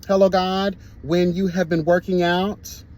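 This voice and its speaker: A man with a notably high voice holds forth in a sassy, flamboyant reviewer's rant. He talks with theatrical drama, peppering everything with catchphrases and cussing, and sounds freshly sweaty from a workout. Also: flat delivery, a little slow, a little mellow, poor audio. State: sweaty from the gym. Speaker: online reviewer.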